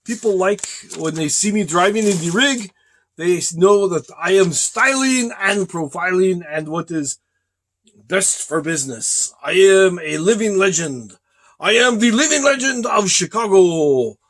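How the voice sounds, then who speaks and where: Rambling deadpan man, slightly high voice. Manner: slow, rambling, deadpan, calls listeners brother and man. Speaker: vlogger in character. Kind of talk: rambling comic monologue. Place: truck cab on a driving break.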